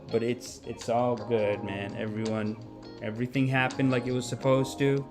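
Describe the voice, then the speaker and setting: A man's voice: medium pitch, little pitch movement, moderate pace, over music. A man hosting a comedic livestream, rambling in a mock-preachy, profane manner. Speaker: podcast host.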